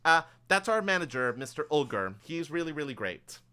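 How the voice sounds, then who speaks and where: A bright, high, eager young elf woman working as a bank clerk in a tabletop game, as a male game master puts her on. She rattles off her sales talk in a chirpy, rushed way, full of filler words, and the voice rings clear and sharp. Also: sing-song.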